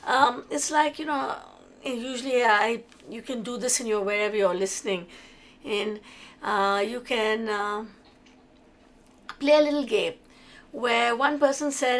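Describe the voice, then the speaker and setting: A woman's voice: on the high side, animated, a little slow, fairly bright tone. A middle-aged woman, giving a conversational lecture. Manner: conversational, with restarts and examples. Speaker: lecturer on autism.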